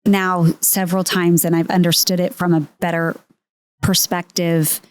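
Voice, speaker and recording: A woman's voice: on the low side, level tone, normal speed, smooth, no echo. A woman hosting a podcast, talking reflectively about faith and reading out listener questions. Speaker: podcast host. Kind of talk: casual faith conversation.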